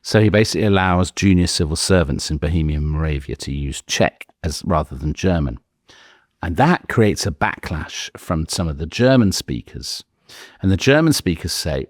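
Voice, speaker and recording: A man tells a history story in a casual, animated way. His voice sits very low. The sound is dry and close, with no room echo. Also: moderate pace. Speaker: podcast co-host.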